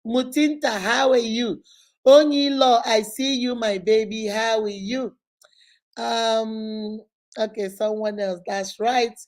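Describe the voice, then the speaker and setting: A middle-aged woman hosting a casual live chat, talking to viewers directly and with lively expression. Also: on the high side, slow. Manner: animated, acts out quoted voices, warm direct address. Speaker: host of a live question-and-answer show.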